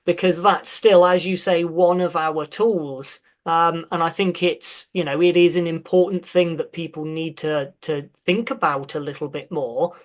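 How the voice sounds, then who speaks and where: A man's voice: on the high side, steady tone, unhurried, hardly any pauses. Man, podcast host, thoughtful, hesitant, fillers, casual chat.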